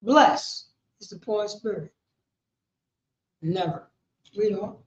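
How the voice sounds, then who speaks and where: A woman teaching a scripture class, preaching with call and response, impassioned and rising to shouts, then dropping low. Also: slow pace. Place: classroom at a group's headquarters. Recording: roomy, muffled room recording.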